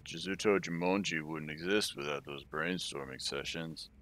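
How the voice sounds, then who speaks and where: A man's voice: a bass voice, moderate pace, a bit bright, slight background noise. A man voicing a weary, dismissive male writer in a fan game dub, speaking in a dry, tired way.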